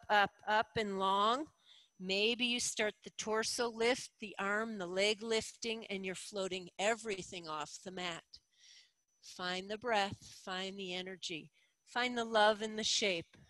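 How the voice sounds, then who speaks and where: A middle-aged woman guides a yoga class with calm, encouraging cues. She speaks slowly and deliberately, and her voice sounds dry and close, with no room echo. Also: mid-range voice. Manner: calm, encouraging cueing with slow deliberate phrasing. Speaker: yoga instructor.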